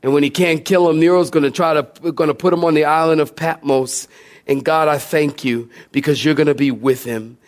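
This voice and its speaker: A pastor with a high voice preaches to his congregation in a church. He tells funny stories with energy and often throws questions at the listeners. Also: fairly quick. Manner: animated, humorous storytelling with questions to the congregation. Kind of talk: sermon.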